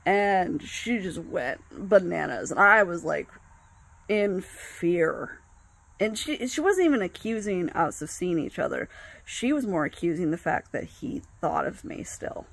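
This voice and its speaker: A woman telling a personal story in a casual, halting way, with many pauses and restarts. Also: lowish voice, big pitch swings, creaky. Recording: faint background noise.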